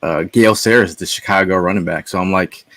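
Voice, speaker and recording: A man guest on a casual podcast, telling stories in a halting, rambling way with many restarts. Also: low voice, a bit bright, no room sound. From Connecticut.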